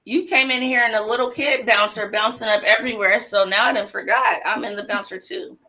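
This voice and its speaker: A woman's voice: a little high, brisk, sharp tone. A woman hosting a casual livestream chat, easygoing and agreeable, reacting to her viewers' comments. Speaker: host.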